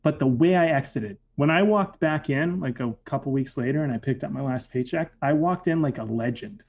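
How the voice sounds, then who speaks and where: A man's voice: medium pitch, brisk, creaky, a little mellow, muffled recording. A man casually telling a personal story, reflective, with lots of "like" and "you know" fillers. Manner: reflective, filler-heavy with frequent "like".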